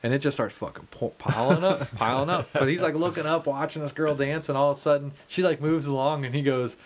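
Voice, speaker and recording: A man's voice: a little high, brisk, slight background noise. A man telling a bar story in casual chat, swearing freely and acting out what people said. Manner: profane, animated storyteller, acts out quotes.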